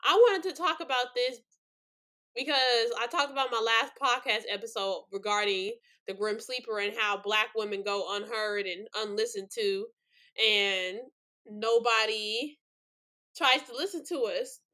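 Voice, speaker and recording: A woman's voice: a little high, measured pace, bright, forceful tone. A young woman hosting a true-crime podcast, rambling with many fillers and choked up, near tears. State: tearful. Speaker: podcast host.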